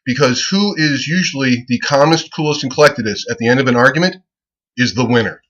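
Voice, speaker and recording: A comedian rambling casually as he pitches a website, profane and excitable, who keeps breaking into laughter at his own jokes. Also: fast, highs cut off. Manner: profane, excitable, loose storytelling.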